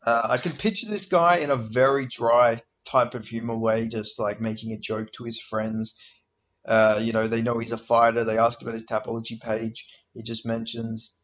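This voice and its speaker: A man's voice: medium pitch, flat delivery, moderate pace, fairly bright tone. A young man giving casual, profane, joking commentary in a rambling way, on a slightly dull recording with faint hiss. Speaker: video commentator.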